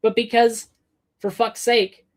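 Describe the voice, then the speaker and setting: A woman's voice: fairly high pitch, little pitch movement, slow pace. A woman hosting a livestream, delivering an angry, profane and sarcastic political rant while addressing chat commenters by name. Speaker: livestream host answering chat.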